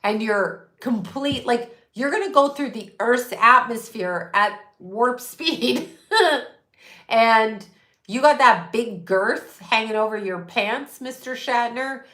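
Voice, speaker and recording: A woman in her fifties talks at an unhurried, drawn-out pace in a bright, forward voice. She rambles irreverently, swearing freely and laughing at her own asides. The sound bounces around an echoey room. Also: a little high. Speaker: host. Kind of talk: casual rambling monologue.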